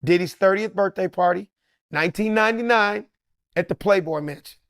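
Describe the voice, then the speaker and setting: A man telling an animated anecdote as a podcast guest, acting out the people in his story with changed voices. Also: high voice, fairly quick, slight background noise. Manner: acts out each person in the story with changed voices.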